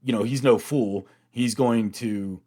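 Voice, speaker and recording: An American man hosting a reaction video, chatting through an episode recap in an animated way. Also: mid-range voice, a little slow. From United States. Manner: chatty, animated retelling, acts out quotes.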